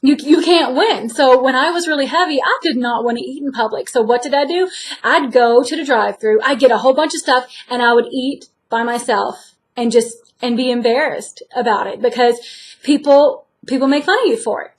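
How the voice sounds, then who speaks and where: A woman's voice: sits high, fairly quick. A woman talking candidly to the camera in an earnest, encouraging way. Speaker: vlogger sharing her weight loss journey. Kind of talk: candid direct-to-camera talk.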